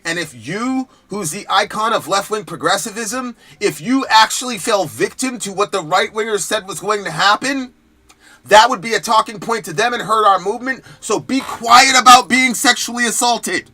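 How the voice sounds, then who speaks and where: A man's voice: high-pitched, expressive, moderate pace, sharp tone. A man hosting a political commentary stream, talking in a heated, emphatic and profane way. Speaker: host.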